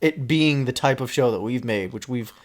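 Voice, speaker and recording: A man's voice: mid-range voice, moderate pace. A man co-hosting a casual podcast, teasing his friend, rambling through stories and swearing freely. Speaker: podcast co-host. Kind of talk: casual chat.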